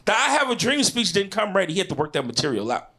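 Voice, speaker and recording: A young man from Chicago with a Midwestern accent, performing a slangy stand-up comedy set on a club stage, shouting his punchlines. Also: high voice, big pitch swings, quick pace, gravelly.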